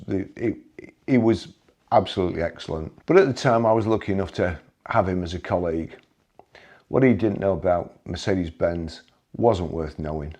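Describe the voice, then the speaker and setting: A man with a low, dark voice recounting stories from his working life. He talks in a wry, chatty way, stumbling and restarting now and then as he goes. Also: slightly rough. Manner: wry, conversational, occasional restarts. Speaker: memoir storyteller. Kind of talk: anecdotal storytelling.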